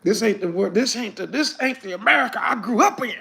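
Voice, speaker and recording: High-voiced gravelly fiery preacher. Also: male voice, expressive, quick pace. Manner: emphatic, repetitive, swinging from quiet to shouting. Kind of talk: fiery sermon.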